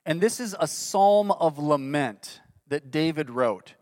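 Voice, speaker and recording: A man's voice: a little high, expressive, takes it slowly, a little mellow, no room sound. A man preaching a sermon in an earnest way, reading scripture aloud with rising intensity. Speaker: pastor.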